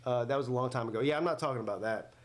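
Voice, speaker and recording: A man's voice: medium pitch, very fast. A man hosting a live watch-party stream, joking crudely, commenting on the game and reading chat aloud.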